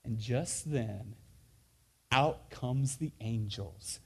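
A man's voice: mid-range voice, expressive, slow pace, a little mellow, breathy edge. A man preaching a sermon, telling a camp story with acted-out voices and many fillers and restarts.

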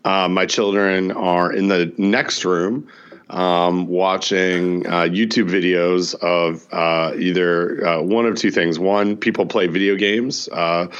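A man co-hosting a podcast from home, talking casually and haltingly, with many uhs. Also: deep voice, steady tone, a bit bright, clear, resonant tone, dull audio. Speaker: podcast co-host. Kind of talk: casual chat. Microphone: podcast microphone.

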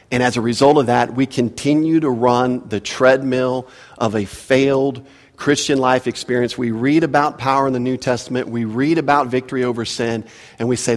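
A man preaching a sermon as a pastor, in a conversational way with asides and repeated words, recorded in a church sanctuary. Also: mid-range voice. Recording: reverberant church hall.

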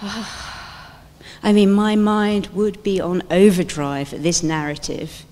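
Woman preaching, slow and unhurried, acting out little scenes, big hall echo. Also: mid-range voice. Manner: animated storytelling, acts out scenes. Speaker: speaker at a church event. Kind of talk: sermon-like talk. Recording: long hall reverb.

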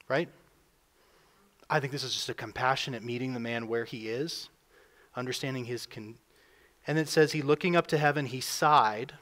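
A male pastor preaching a sermon, relaxed and talking to his congregation the way he would in conversation. His voice sits in an ordinary middle register, and he often slips into the voices of the people in the story. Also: mid-range voice, normal speed. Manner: conversational, acts out quotes with rising energy.

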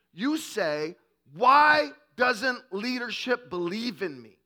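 Male preacher, high and bright, comic storytelling sermon. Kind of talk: humorous sermon.

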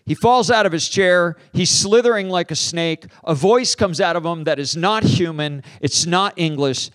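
A middle-aged man preaches by telling a story in a slightly high voice. He acts out every exchange, jumping in pitch and loudness. The sound is dry and close. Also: no room sound. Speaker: pastor and teacher on deliverance. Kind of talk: storytelling sermon.

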